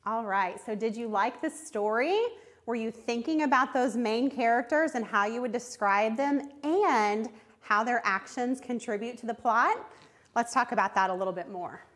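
Woman teacher with a fairly high voice. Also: moderate pace, fairly bright tone. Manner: friendly, asks the class questions. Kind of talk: online reading lesson.

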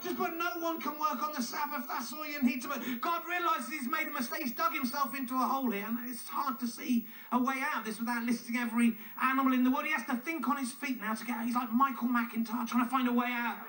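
A man's voice: very high-pitched, steady tone, fast talker, hardly any pauses, bright, forceful tone. A man performing a comedic monologue in a sarcastic, mocking and nitpicking way. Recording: echoey room, distant mic, faint noise.

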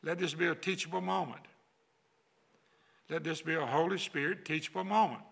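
Gravelly older preacher. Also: male voice, a little high, fairly even intonation, moderate pace, a bit bright. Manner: folksy, repetitive preaching cadence. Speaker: pastor. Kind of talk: sermon. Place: church sanctuary.

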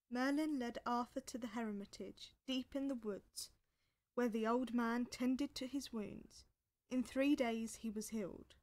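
A woman's voice: on the high side, a little slow. Woman reading a storybook aloud.

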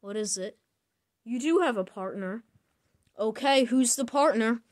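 A woman voicing a restaurant boss who speaks quietly and matter-of-factly in a plush toy skit. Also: fairly high pitch, a little slow, no room sound, natural voice. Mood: businesslike.

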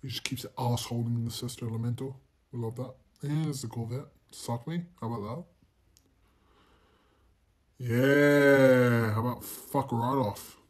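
Young guy swearing his way through a racing game, mid-pitched voice, roasts himself, yells when stuff happens. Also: moderate pace, long pauses, breathy edge. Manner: profane, self-mocking, bursts into loud exclamations. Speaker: gaming channel host.

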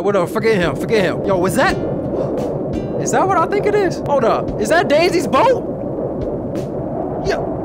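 A young adult gaming YouTuber giving casual, profane play-by-play commentary, excitable and talking straight to the viewers. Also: sits high. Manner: excitable, profane, talks to the audience as "y'all". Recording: game music playing behind.

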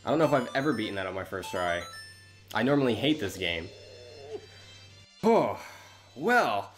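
A chatty man narrates his own gameplay with a lively, up-and-down voice and pokes fun at himself as he plays. He speaks into a close mic with game music running underneath. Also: lowish voice, fast talker. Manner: chatty, self-deprecating, thinks aloud while playing. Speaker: let's play host. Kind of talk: casual gameplay commentary.

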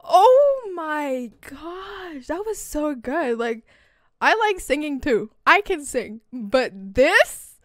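Very high-pitched, gushing woman streamer. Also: slow pace, no echo, faint music behind. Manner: gushing, excitable, stunned. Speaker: live streamer. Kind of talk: casual chat with stream viewers.

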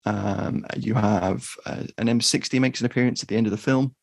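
A man co-hosting a podcast, talking in a relaxed, thoughtful way with frequent pauses to think. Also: medium pitch, vocal fry, dry recording, clean studio sound. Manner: unhurried and thoughtful, with frequent ums. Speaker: podcast co-host. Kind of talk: casual chat.

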